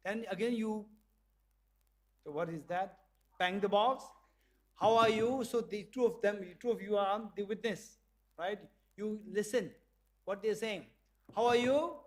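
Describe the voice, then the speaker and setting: A man with a high voice gives a lecture in a slow, unhurried way. He leads the group through an exercise, playfully acting out small dialogues and laughing along the way. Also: fairly even intonation. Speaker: visiting professor lecturing. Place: lecture hall.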